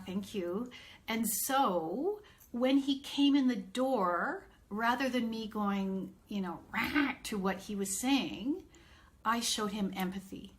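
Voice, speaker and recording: Middle-aged woman, parent coach on a live stream, unhurried and earnest. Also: mid-range voice. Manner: earnest, reassuring, thinks aloud with fillers.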